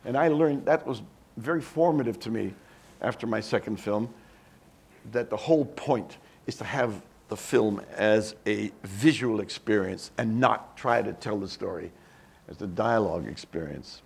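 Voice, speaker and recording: A man's voice: lowish voice, moderate pace, creaky, slightly rough. An older man telling anecdotes as a guest speaker at a university event, acting out other people's dialogue. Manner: animated, acts out quoted dialogue. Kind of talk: anecdotal storytelling at a talk.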